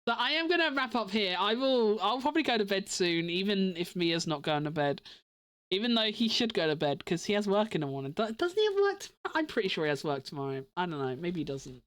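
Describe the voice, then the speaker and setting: A sleepy live streamer yawns and chats casually, giggling often and rambling with many restarts. Her mid-range voice is very animated and quick.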